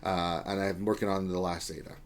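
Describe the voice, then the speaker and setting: A man's voice: sits low, little pitch movement, a little fast, very noisy. Casual male streamer reading out chat. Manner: loose and joking, mild swearing. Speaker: livestream co-host. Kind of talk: casual livestream chat, reading viewer comments.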